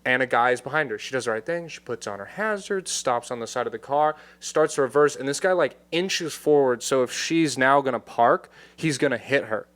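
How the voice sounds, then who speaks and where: Animated man telling a story. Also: medium pitch, fairly quick, hardly any pauses. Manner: animated storytelling, shouts out quoted lines. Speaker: podcast host. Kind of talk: casual chat.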